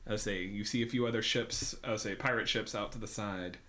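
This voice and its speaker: A man's voice: fairly low pitch, steady tone, brisk, a bit bright, a little hiss or hum. A man narrating a tabletop game as dungeon master, rambling and hesitant with many fillers.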